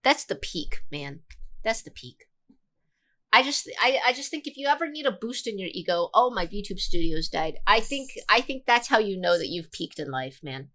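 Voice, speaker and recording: A woman livestreamer giving casual commentary in an animated, crude and rambling way. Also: mid-range voice, normal speed.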